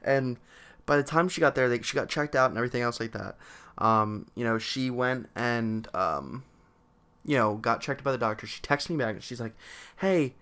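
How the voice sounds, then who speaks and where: An excitable young man telling a story on a casual vlog, laughing often and stumbling through fillers. His pitch sits in the middle range for a man. His delivery is loose and unscripted. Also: normal speed, clean tone. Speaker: co-host telling a birth story.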